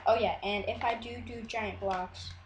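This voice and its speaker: A woman's voice: on the high side, fairly even intonation, unhurried, reverberant, a little hiss or hum. A woman chatting casually over her gameplay video, rambling and often cutting herself off. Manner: rambling, chatty, self-interrupting. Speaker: Minecraft video maker.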